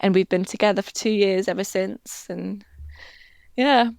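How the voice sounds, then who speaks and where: A woman's voice: mid-range voice, steady tone, a little slow, vocal fry, a little mellow, no room sound, clean studio sound. A young woman in her twenties, telling a dating story casually, laughing and acting out quotes. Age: 20s. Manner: chatty, laughs often, acts out quotes. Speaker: podcast guest.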